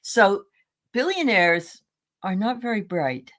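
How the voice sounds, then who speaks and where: A middle-aged woman hosting a casual livestream chat, chatty and quick to laugh. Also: mid-range voice, very animated, a bit bright.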